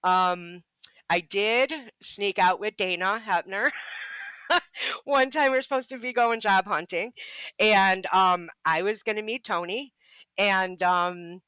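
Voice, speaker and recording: A woman tells her story on a podcast, candid and unfiltered, laughing often and swearing freely. Her voice is bright and forward. The sound is dry and close, with no room echo. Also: mid-range voice, takes it slowly, clean tone. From Ohio. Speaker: podcast guest. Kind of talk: casual storytelling.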